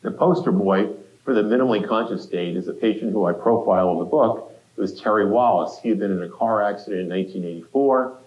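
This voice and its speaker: A man's voice: lowish voice, fast, dull audio. A man giving a university lecture in a conversational way, speaking directly to the students with quips. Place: lecture hall. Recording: echoey lecture hall.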